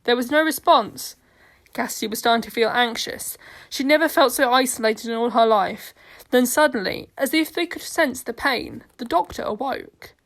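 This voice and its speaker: A woman narrating an amateur audio story in an earnest, steady way. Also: a little high, moderate pace.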